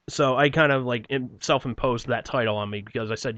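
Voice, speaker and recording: A man's voice: mid-range voice, fairly quick, hardly any pauses, fairly bright tone, no echo. A man with a New Jersey accent telling a long, profane story about an old job in a casual podcast chat. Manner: swears often, mocks people in put-on voices. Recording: dull lo-fi podcast audio.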